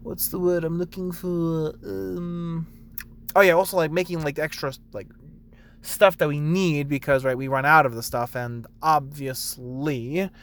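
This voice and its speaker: A young man, a barista, rambling casually about work, full of fillers and bits where he acts out customers in a high sing-song voice. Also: fairly even intonation, measured pace, a bit bright, slight background noise. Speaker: barista vlogger.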